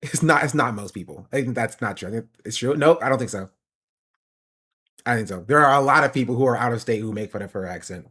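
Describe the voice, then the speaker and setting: A man's voice: mid-range voice, fast talker, sharp tone, breathy edge. A man streamer giving opinionated, explanatory political commentary.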